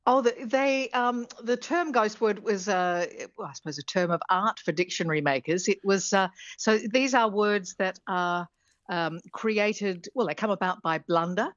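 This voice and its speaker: A woman's voice: medium pitch, moderate pace, no echo, lo-fi sound. A woman professor, explaining things on radio in a thoughtful, chatty way with plenty of ums and restarts. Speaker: linguistics professor, guest.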